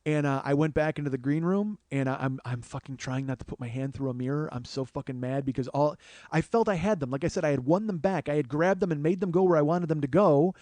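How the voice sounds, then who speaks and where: A man's voice: fairly high pitch, quick pace, dry recording. A comedian in his forties telling a personal story on a podcast, swearing often and acting out other people's lines. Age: 40s. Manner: animated storyteller, swears often, acts out the crowd in a raised voice.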